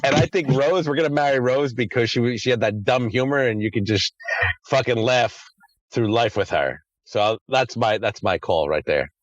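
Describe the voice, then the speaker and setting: A man's voice: medium pitch, normal speed, no room sound, highs cut off. Crude rambling male podcast host. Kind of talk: casual chat.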